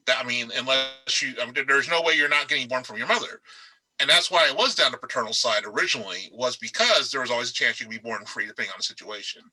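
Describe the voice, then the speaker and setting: A man talking casually on an authors' panel from a darkened room over a video call, animated and emphatic, with frequent restarts. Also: mid-range voice, fast talker, husky, low-quality recording.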